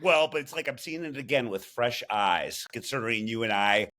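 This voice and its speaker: A man's voice: medium pitch, animated, normal speed, sharp tone. A man co-hosting a comedy show, chatting in a rambling way with wry asides. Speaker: co-host. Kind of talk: casual comedic chat.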